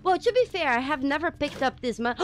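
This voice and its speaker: A woman streaming a game live, reacting excitedly, swearing, and thanking viewers in casual chat. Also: high voice, fairly quick. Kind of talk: live gameplay commentary.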